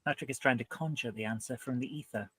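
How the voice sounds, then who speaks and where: A woman on a quiz panel, chatty and quick to joke. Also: very deep voice, a bit bright, a little hiss or hum. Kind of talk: casual panel quiz banter.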